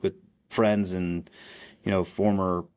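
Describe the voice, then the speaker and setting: A man's voice: sits low, level tone, slow pace, darkish tone. A man co-hosting a podcast in casual chat, rambling with many restarts and fillers. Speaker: podcast co-host.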